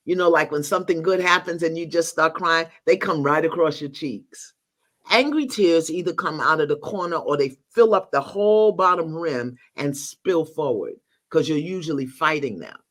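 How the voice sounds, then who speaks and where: A woman's voice: sits low, normal speed. An older woman, a guest teacher in a spiritual conversation, telling stories expressively, acting out bits of dialogue and laughing often.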